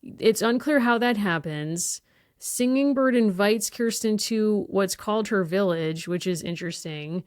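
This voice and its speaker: A woman's voice: mid-range voice, unhurried, dry recording, studio quality. A woman co-hosting a podcast, recapping a book's plot in detail with enthusiastic asides. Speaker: podcast co-host. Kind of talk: casual podcast discussion.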